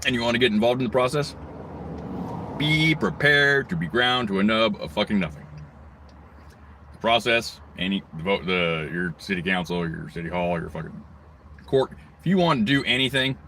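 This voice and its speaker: Rough-talking man, fairly low voice, profane rambling rant. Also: lively intonation, normal speed, sharp tone, slight background noise. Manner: angry, crude, rambling, swears constantly. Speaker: vlogger. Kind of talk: profane ranting monologue.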